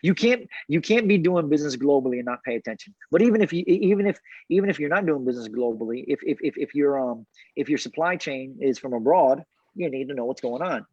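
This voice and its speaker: Man, animated, repeats himself, speaking from a car, dull dry sound. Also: medium pitch, racing, dry recording. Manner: animated, repeats words, laughs often. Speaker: cigar brand founder, guest. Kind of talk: casual interview chat. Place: inside his car. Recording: dull dry remote call audio.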